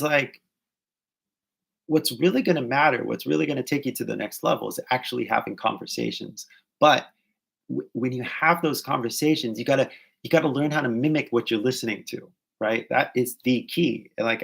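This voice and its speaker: Gravelly, chatty American man. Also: medium pitch, fairly quick, fairly bright tone. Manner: chatty, switches between English and Japanese, many "like"s. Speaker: English teacher and actor. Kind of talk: casual talking-head advice vlog.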